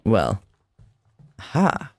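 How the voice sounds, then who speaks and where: A man's voice: extremely slow, a little mellow, no room sound. A man streaming a game with casual, chatty commentary, wry and self-deprecating, swearing now and then.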